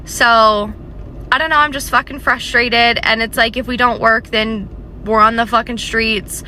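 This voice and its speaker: A frustrated woman rants from her car in traffic, swearing freely and padding her talk with filler words. Her voice sits fairly high. Road and car noise runs clearly behind her. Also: steady tone, unhurried, sharp tone, poor audio. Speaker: vlogger. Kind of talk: venting rant to camera.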